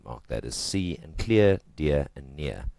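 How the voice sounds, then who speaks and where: A man with an extremely deep voice gives a casual literature lesson. He chats and jokes his way through it and punches the stressed syllables. The sound is close and dry, with no room echo. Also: very animated, a little slow, vocal fry, dark tone. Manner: chatty and joking, with emphatic stresses. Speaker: literature teacher.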